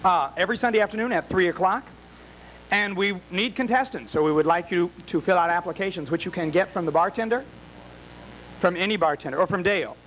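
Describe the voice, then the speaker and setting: High-voiced, wisecracking male emcee. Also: brisk, fairly bright tone, rough recording. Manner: teasing, wisecracking. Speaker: game show emcee. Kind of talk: campy live emceeing. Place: small bar with a live audience.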